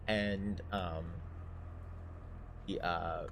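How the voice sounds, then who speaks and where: A man narrating a tabletop game livestream as dungeon master, improvising in a halting way. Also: deep voice, fairly even intonation, a bit bright, a little hiss or hum.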